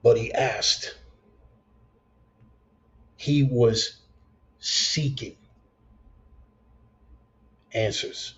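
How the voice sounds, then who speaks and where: A man's voice: medium pitch, normal speed, a little mellow. A man preaching a raw, profane storytelling sermon, blunt and intense. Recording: slightly dull lo-fi sound.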